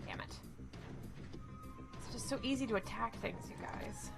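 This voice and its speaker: A woman's voice: fairly high pitch, measured pace, creaky, over music. A young woman streaming a video game, chatting with viewers, greeting them by name and talking through her moves. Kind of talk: casual game streaming chat.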